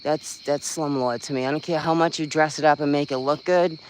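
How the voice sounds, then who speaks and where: A man's voice: a little high, steady tone, brisk, slight background noise, rough recording. A man chatting casually on a livestream, venting bluntly, swearing freely and rambling with lots of fillers. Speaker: livestream host. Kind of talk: casual live-stream chat.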